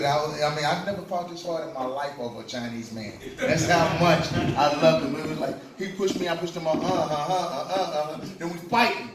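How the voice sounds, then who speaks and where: A man from Kentucky doing a loose, profane stand-up set in a comedy club. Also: on the high side. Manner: loose, profane storytelling with punchlines. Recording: very echoey club from far off, noisy. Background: club crowd laughing.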